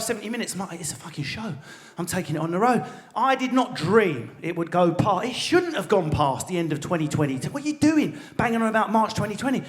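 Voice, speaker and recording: An English man with an Essex accent doing a live stand-up routine in a large theatre, ranting fast with lots of swearing and sudden shouts. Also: high voice. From England. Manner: rapid, swearing, mock-outraged rants with frequent shouting. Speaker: stand-up comedian. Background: audience laughter.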